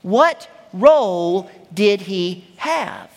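A woman preaching a sermon, teaching in an emphatic, expressive way. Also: mid-range voice, drawn-out words. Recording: long hall reverb.

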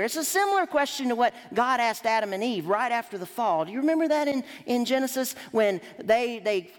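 A woman preacher delivering a sermon emphatically, rising and dropping her voice to drive points home. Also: fairly high pitch. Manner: emphatic, lively rises and drops. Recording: long hall reverb.

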